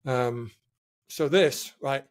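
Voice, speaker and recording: A man speaking as a podcast guest and SEO consultant over a remote call, telling stories in a rambling, animated way. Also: medium pitch, very slow. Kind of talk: casual podcast chat.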